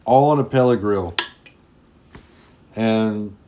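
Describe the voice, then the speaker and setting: A man co-hosting a podcast in casual chat, telling stories in a relaxed way with casual slang. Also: lowish voice, slow pace, noisy background. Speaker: podcast co-host.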